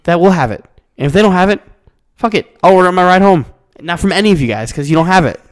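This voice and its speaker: A young man in casual podcast chat, ranting and swearing with loud, animated jumps in pitch. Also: quick pace. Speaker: podcast co-host.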